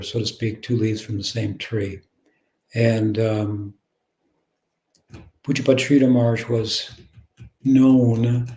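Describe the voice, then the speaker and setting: Older man, mid-pitched voice, reflective, halting, frequent self-corrections, echoey room. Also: darkish tone. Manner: halting, many fillers and self-corrections, apologetic asides. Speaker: guest monk. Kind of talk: reflective spoken recollection.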